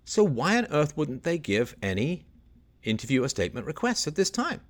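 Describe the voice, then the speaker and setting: A man's voice: fairly high pitch, big pitch swings, moderate pace. A middle-aged man hosting a solo livestream, reading news aloud and picking at it with sarcastic, exasperated rhetorical questions. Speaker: livestream host.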